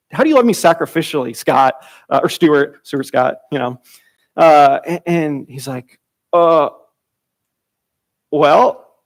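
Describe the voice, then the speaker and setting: Teaching a church Bible class, this man speaks conversationally at a moderate pace with lively intonation. He often repeats and restarts phrases, and he performs quoted dialogue with sudden jumps in pitch.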